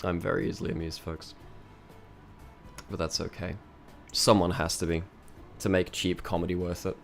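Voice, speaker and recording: Rambling British stream host. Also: male voice, low-pitched, little pitch movement, moderate pace, vocal fry, faint music behind. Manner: rambling, stammering restarts. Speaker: esports caster and stream host. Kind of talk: casual live-stream chat.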